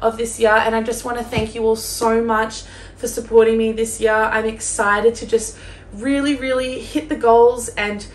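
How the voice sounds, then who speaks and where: A woman's voice: a little high, level tone, normal speed. A young woman chatting casually in a vlog as a book vlogger, gushing and peppering her talk with "like". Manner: gushing, chatty, heavy use of "like". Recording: roomy echo with faint room noise.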